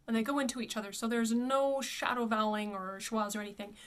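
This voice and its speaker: A woman vocal coach giving a pronunciation lesson, enunciating carefully and slowing down to model each word. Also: on the high side, fairly bright tone.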